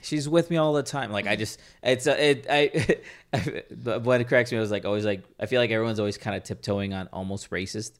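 A young man hosting a podcast, chatting casually with relaxed, dry humor. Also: lowish voice, a little fast. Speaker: podcast host. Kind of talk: casual chat.

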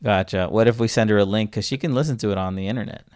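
Young male podcast co-host, low-pitched, rambling and self-interrupting, laughs easily. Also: racing, a little mellow. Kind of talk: casual podcast chat.

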